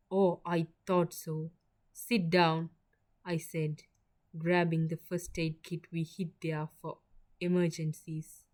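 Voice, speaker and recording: Slow, low-voiced woman narrating a story. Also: darkish tone.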